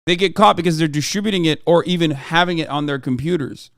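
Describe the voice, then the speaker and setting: A man ranting on a live stream, angry and full of profanity as he argues with viewers. His voice is high for a man, smooth and clear, and dry with no room sound. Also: quick pace, fairly bright tone, dry recording. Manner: heated, profane, argumentative. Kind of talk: live-stream reaction rant.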